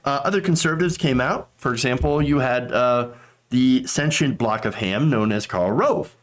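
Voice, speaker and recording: A man's voice: medium pitch, normal speed. A man hosting a political commentary show, talking in a sarcastic, mocking way.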